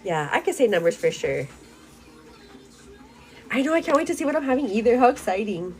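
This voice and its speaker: Getting ready at home, this bubbly beauty vlogger from a Mexican-American family chats, laughs a lot, and sprinkles in Spanish words. Her voice is slightly high and brisk, with big pitch swings; faint music plays behind the low-quality recording.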